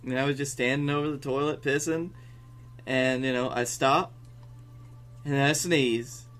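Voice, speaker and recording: A man co-hosting a comedy podcast, telling a relaxed, deadpan story in casual chat. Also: mid-range voice, normal speed. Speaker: podcast co-host.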